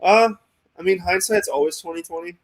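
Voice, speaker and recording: A young man in his twenties, a pitching prospect, telling a long story in a casual interview, rambling with lots of "like" and "you know" and acting out what coaches said. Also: brisk, noisy background. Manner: acts out quoted coaches in dialogue.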